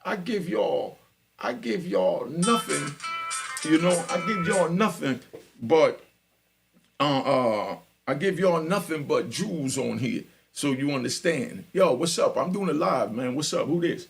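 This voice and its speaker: Man in his 60s from Jamaica, streetwise storyteller; raspy gravel in the voice, slightly raised pitch, chatty and keeps asking if you follow. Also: animated, a little slow, soft background music. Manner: gravelly, conversational, keeps checking in with the listener. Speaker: channel host telling prison and life stories. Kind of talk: casual storytelling on a live stream.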